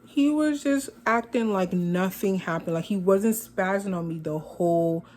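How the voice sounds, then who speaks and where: Animated young woman telling a story. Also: medium pitch, measured pace. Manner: animated, expressive, quotes herself and others. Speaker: vlogger. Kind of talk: casual storytime. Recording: phone with faint background noise.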